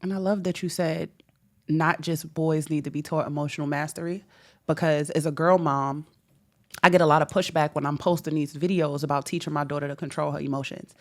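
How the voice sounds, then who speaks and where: A woman's voice: low-pitched, steady tone, fairly quick. A woman in her thirties in a casual chat, talking bluntly and emphatically and laughing often. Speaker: podcast panelist.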